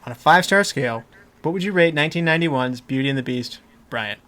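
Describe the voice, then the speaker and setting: A man's voice: on the high side, lively intonation, quick pace, pushed and bright. A man hosting a casual movie podcast roundtable, talking in a rambling way with many fillers and restarts. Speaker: podcast host.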